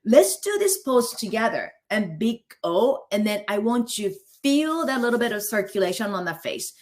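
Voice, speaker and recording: A woman teaching a live online face yoga class. She gives gentle breathing cues, counts out each hold and keeps checking in with the group. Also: medium pitch, very animated, moderate pace. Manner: coaching, counts out holds, keeps checking in with "okay?".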